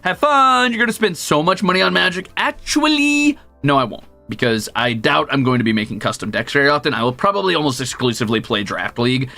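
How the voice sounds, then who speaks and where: Lively, gravelly young man streaming. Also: fast talker, few pauses, faint music behind. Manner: animated storyteller, jumps into high squeaky voices when quoting; swears casually, jokey. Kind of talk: casual chat while gaming.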